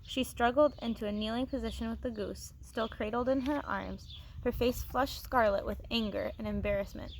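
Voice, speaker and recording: Teacher reading a chapter book aloud, expressive, higher voice, phone mic. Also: female voice, moderate pace, slight background noise. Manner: expressive reading with small restarts.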